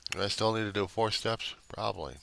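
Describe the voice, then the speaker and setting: His fairly low voice has a flat delivery, moving fairly quickly with a slightly bright, clean tone. He is a recovery video diarist speaking unscripted to his camera in a confessional monologue. Blunt and profane, he rambles and questions himself.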